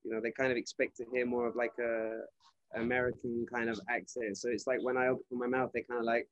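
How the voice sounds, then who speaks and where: A man's voice: mid-range voice, quick pace, no room sound, highs cut off. A young man with a British accent, chatting casually as a musician guest and telling stories with plenty of fillers. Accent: British English. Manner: relaxed, chatty storyteller, many fillers. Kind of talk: casual interview chat.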